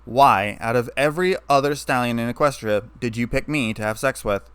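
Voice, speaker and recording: A man's voice: medium pitch, a little fast, smooth, no room sound, natural voice. A man voicing a wry, guarded young man. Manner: wry, flat, turning bitter.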